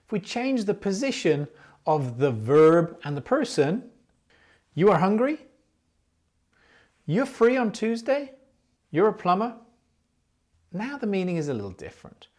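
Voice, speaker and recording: English teacher with lively intonation. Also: mid-range voice. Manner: clear, patient explaining, with example questions spoken aloud. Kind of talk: explaining an English lesson.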